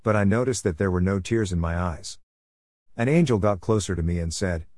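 A man's voice: low voice, brisk, a little mellow, no room sound, studio quality. A man preaching an earnest, solemn sermon testimony about a vision of heaven.

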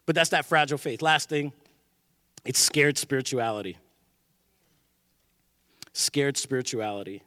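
A male pastor preaching a sermon in a church, animated and joking, acting out the voices of people he quotes. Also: medium pitch, unhurried, pauses often, no room sound, studio quality.

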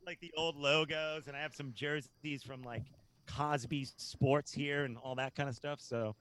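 A man from Hampton Roads in Virginia, a guest on a casual podcast chat, talking in an excitable, rambling way with frequent laughs and restarts. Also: a little high, moderate pace, smooth.

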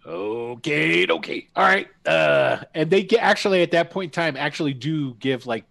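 A man acting as game master for a tabletop game, narrating scenes haltingly with lots of fillers and restarts. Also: fairly high pitch, very animated, vocal fry, fairly bright tone, no room sound.

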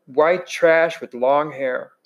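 A man's voice: a little high, steady tone, slow pace. A man reading aloud and voicing a drunk, sneering teenage bully from a novel.

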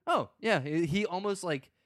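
A man's voice: high voice, expressive, moderate pace, a bit bright, no echo, studio quality. A man, a stand-up comedian, chatting casually about movies in a rambling way, acting out scenes in quoted voices. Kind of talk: casual chat.

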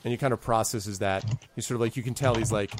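A man's voice: fairly low pitch, fairly even intonation, fast talker, background noise. A man narrating as game master, casual and rambling with lots of fillers.

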